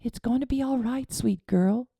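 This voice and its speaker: A woman's voice: a little high, moderate pace, vocal fry, warm tone, husky, no echo, studio quality, voice pushed up. A woman voicing an aunt who comforts a baby and a boy and cries out when the child goes missing. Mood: soothing. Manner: soothing, then panicked. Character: frantic aunt, a young woman caring for children.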